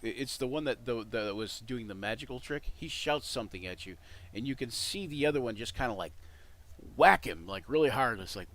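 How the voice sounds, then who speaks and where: A man's voice: medium pitch, animated, fairly quick, fairly bright tone. A man running a tabletop game as game master, rambling with many restarts and fillers.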